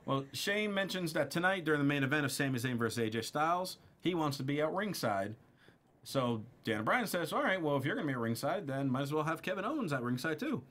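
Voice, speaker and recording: Animated bright-voiced male co-host. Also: on the high side, fast talker. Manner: animated, laughs often while recapping. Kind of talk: casual recap chat.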